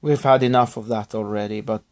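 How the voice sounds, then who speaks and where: Male vlogger, subdued and halting, recovering from illness, apologetic in tone. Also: lowish voice, steady tone, darkish tone. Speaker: YouTuber thanking subscribers. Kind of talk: rambling personal vlog.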